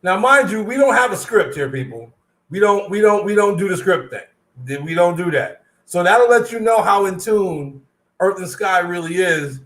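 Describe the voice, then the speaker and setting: A man co-hosting a casual chat show, his high voice ringing off the walls of an echoey room. He tells stories in an animated way and stretches out words to hit his points. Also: normal speed. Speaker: co-host.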